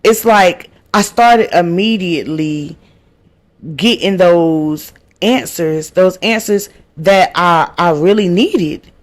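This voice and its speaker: A woman's voice: on the low side, slow. A woman hosts her own podcast and tells a heartfelt faith testimony. She talks earnestly, repeats phrases for emphasis and speaks to her listeners as y'all. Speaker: podcast host.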